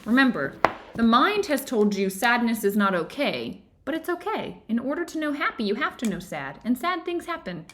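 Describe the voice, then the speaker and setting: A woman's voice: a little high, sing-song, normal speed, fairly bright tone. A woman hosting an online book club from her home office, talking casually and animatedly and laughing often.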